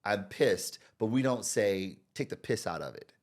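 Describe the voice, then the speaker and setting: American guy, lowish voice that bounces all over, chatty guest, laughs a lot. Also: normal speed. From United States. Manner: animated, laughs often, quotes others in voices. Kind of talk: casual conversation.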